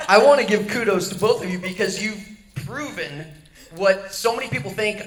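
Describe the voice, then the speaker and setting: Bright high-voiced man, echoey room. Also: moderate pace. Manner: animated storyteller, mimics voices. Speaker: voice actor on a panel. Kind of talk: casual panel chat.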